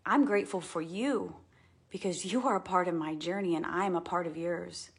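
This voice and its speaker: A woman hosting a casual live video, talking in a gushing, heartfelt way, repeating words, and slowing to a softer tone when she recounts a meditation. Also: fairly low pitch, breathy edge. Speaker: live video host sharing personal experiences. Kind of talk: casual live-stream monologue.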